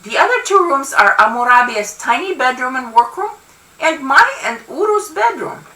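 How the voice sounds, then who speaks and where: A woman author reads her novel aloud, narrating expressively in the first person. Her voice is high and bright, with lively pitch. She sounds distant in a roomy space. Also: normal speed. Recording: roomy, from far off.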